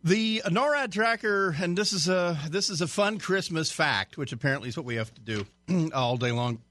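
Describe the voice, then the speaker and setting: A man's voice: a little high, normal speed, a bit bright, no room sound. A man guest-hosting a radio talk show, reading a news story in a chatty way with stumbles and jokey asides. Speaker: radio fill-in host.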